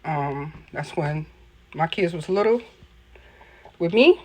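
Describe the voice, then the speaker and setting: A woman's voice: low voice, lively intonation, slow pace, darkish tone. A middle-aged woman casually showing viewers around her small apartment, chatting with lots of ums and calling them y'all. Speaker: vlogger giving a home tour. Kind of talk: casual home tour vlog. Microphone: handheld phone camera.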